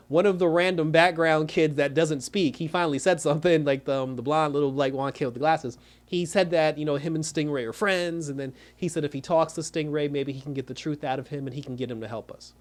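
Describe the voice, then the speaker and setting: Animated man recapping an episode. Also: a little high. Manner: animated, talks in rambling restarts and quoted asides. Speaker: reviewer.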